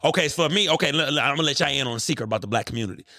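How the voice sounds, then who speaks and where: A man hosting a podcast, telling stories in an animated, profane way. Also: medium pitch, very fast, no echo, studio quality. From United States. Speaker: podcast host. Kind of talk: casual podcast chat.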